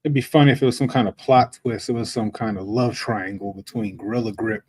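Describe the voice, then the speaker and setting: A man with a fairly low voice chats casually on a livestream, cracking jokes and chuckling as he goes. The sound is close and dry. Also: steady tone, a little fast, a little mellow, no room sound, low-quality recording.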